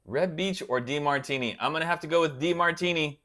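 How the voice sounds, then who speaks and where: A man's voice: on the high side, fast, bright, forceful tone. A man hosting a casual livestream, chatting loosely and answering viewers by name. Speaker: guitar channel host reading live chat.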